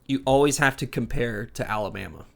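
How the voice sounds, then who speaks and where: A man co-hosting a casual sports podcast, upbeat and encouraging, breaking into loud hype now and then. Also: mid-range voice, brisk, creaky. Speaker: podcast co-host.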